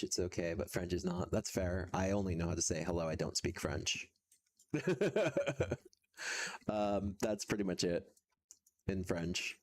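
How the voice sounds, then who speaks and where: A man's voice: deep voice, a little hiss or hum. A man streaming casually while practicing a language, talking hesitantly with many fillers and frequent chuckles.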